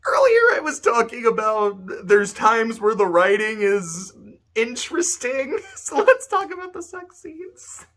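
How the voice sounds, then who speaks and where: A man's voice: very high voice, unhurried. A man talking casually about a visual novel he played, swearing a lot and breaking into laughter as he retells scenes. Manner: profane, laughing, animated storytelling. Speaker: video essay host reviewing a visual novel. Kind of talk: casual spoken review.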